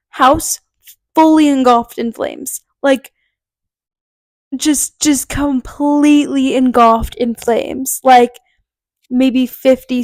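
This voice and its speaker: A young woman in her twenties chats her way through rambling stories, dropping "like" often and acting out quotes. Her voice sits high. It is recorded dry and close on a podcast mic. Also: no echo. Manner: chatty, rambling, full of "like" and quoted dialogue. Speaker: podcast host. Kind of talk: casual storytelling monologue.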